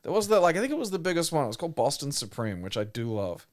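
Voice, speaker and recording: A man's voice: on the high side, very animated, very fast. A man with an Australian accent co-hosting a podcast, riffing sarcastically and swearing freely in casual banter. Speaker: podcast co-host.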